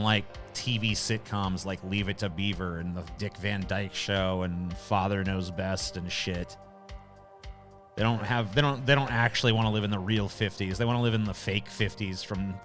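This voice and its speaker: A man's voice: on the low side, fairly bright tone. A man hosting a casual livestream, reading chat questions aloud and answering in a blunt, sarcastic, profane way.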